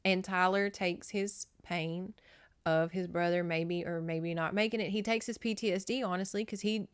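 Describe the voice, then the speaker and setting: A woman's voice: on the low side, fairly even intonation, moderate pace, smooth. Chatty, profane woman podcast host. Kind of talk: casual book recap.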